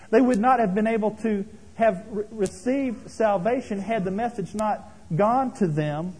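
A man's voice: high-pitched, darkish tone, husky. A man preaching a sermon as pastor, earnest and explanatory, with rhetorical questions and frequent restarts, in a church sanctuary. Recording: long hall reverb.

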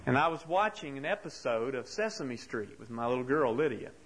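A man's voice: mid-range voice, expressive, a little fast, fairly bright tone, breathy edge, poor audio. A man preaching a sermon, telling a story earnestly and building to impassioned rhetorical questions. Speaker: pastor.

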